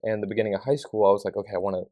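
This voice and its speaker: A young man speaks in a fairly low voice as a podcast guest. He answers earnestly and casually, leaning on filler words. The sound is dry and close. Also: fairly even intonation, rapid-fire, dark tone, dry recording. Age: young adult.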